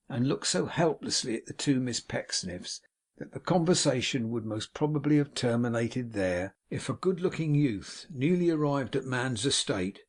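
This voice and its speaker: Husky-voiced male reader, measured classic-novel narration. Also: medium pitch. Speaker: audiobook narrator. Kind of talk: audiobook narration.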